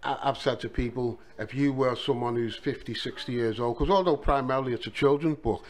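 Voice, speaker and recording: A man's voice: mid-range voice, fairly quick. Middle-aged man, Liverpool accent, podcast guest. Casual storyteller, easygoing and conversational. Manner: relaxed storytelling with many "you know" asides. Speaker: author and taxi driver.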